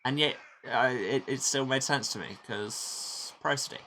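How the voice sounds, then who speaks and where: Wry, bright-voiced male game commentator. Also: mid-range voice, unhurried, a little hiss or hum, low-quality recording. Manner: wry, rambling asides. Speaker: let's play host. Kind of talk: gameplay commentary.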